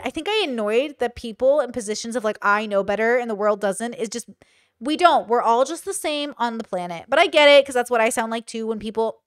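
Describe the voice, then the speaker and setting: A woman's voice: a little high, no echo, clean studio sound. Blunt, profane woman streamer. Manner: blunt, profane, animated rants. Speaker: streamer reacting to a video. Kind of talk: casual live-stream commentary.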